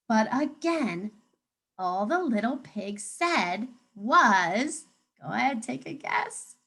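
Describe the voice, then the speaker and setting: A woman teacher reading a picture book aloud to children, animated and coaxing, pausing to ask them questions. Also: on the high side, creaky, husky.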